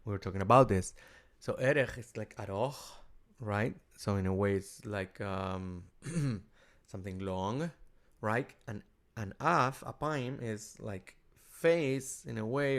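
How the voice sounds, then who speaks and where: A middle-aged man, a rabbi and cantor with an Argentine Spanish accent, giving an informal teaching talk, halting often and repeating words as he restarts. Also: medium pitch, fairly bright tone.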